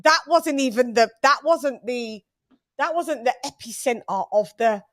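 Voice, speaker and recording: A woman hosting a casual chat, telling lively stories and acting out what people said. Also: on the high side, a little slow. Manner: animated, storytelling with quoted voices. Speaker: host.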